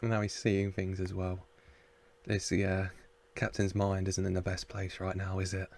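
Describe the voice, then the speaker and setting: Chatty reaction host, gravelly low voice. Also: male voice, completely flat delivery, normal speed, darkish tone, slight background noise. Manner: chatty, laughs often, mutters asides to the screen. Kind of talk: casual reaction commentary.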